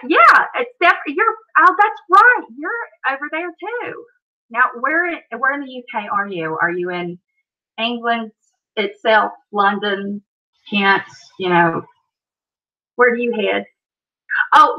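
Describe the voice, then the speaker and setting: A woman's voice: mid-range voice, pushed and bright. Appalachian American woman hosting a live stream, chatty, reads viewer comments, slightly muffled home audio. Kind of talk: casual live stream chat.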